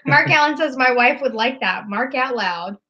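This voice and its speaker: A woman's voice: high voice, lively intonation, normal speed, pushed and bright. A woman co-hosting a casual live stream, reading viewer comments aloud in an upbeat way. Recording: dull lo-fi stream audio.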